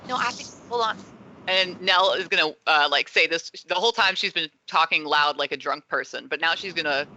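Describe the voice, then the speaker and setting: A chatty tabletop player describing what their character does, with a very bright, sharp voice. Faint noise sits under the voice. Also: mid-range voice, low-quality recording. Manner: chatty and quick to swear.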